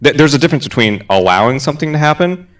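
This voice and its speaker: A man hosting a casual podcast among friends, soft-spoken and laid-back, swearing freely. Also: on the high side, expressive, rapid-fire. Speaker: podcast host.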